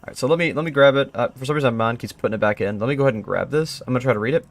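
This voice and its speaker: A man's voice: medium pitch, very fast. A young man on a live stream, reading reports aloud, then chatting casually, laughing and thinking aloud as he works out a code. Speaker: streamer exploring an online mystery.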